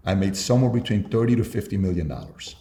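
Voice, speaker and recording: A man's voice: fairly low pitch, lively intonation, quick pace, mellow, slight background noise. A man, a guest entrepreneur, giving advice in casual conversation, emphatic and repeating his key points. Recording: roomy echo.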